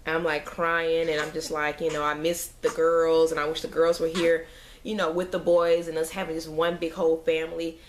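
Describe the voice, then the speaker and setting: Woman vlogging at home, lowish voice, emotional, sighing, rambling with fillers, faint background hiss. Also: monotone, moderate pace. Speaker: mother vlogger. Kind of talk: casual chat to camera.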